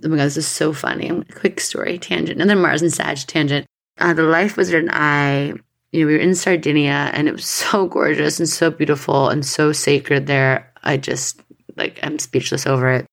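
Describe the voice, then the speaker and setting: A woman's voice: low voice, gravelly. A woman in her thirties hosting an astrology podcast, chatty and rambling off on tangents. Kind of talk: casual podcast chat.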